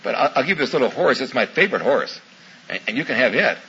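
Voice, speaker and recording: A man's voice: medium pitch, very animated, fast, bright, forceful tone. A man voicing a sweet five-year-old girl who pleads with her father, in a muffled recording with faint hiss. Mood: pleading.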